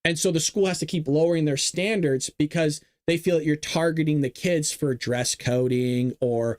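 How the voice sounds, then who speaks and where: A man hosting a live commentary stream, his voice set a touch high. He talks in an emphatic, opinionated rush, circling back and repeating his points. The sound is close and dry, with no room around it. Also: moderate pace, hardly any pauses, darkish tone, dry recording. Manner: emphatic, repetitive ranting with restarts. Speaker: host of a live news commentary show.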